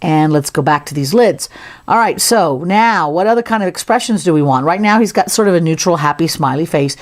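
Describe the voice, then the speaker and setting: Woman, sculpting instructor, casual demo, chatty, lower voice, very animated. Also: fairly quick. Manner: chatty, playful, talks while working. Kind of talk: casual tutorial demonstration.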